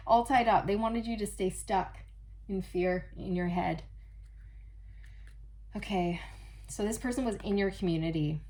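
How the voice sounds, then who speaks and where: A woman giving a casual channeled tarot reading, chatty and animated, often addressing her viewers directly. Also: medium pitch, measured pace, pauses often. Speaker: tarot reader.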